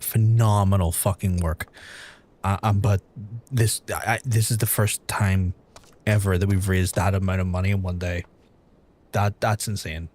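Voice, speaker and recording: A man streaming live, overwhelmed and swearing, holding back from shouting. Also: low-pitched. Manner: emotional, swearing, restrained from shouting. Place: room at home.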